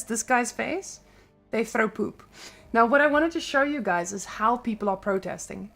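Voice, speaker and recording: A woman's voice: fairly high pitch, vocal fry. A young adult woman with a Serbian accent, chatting casually on a live stream in loose, non-native English.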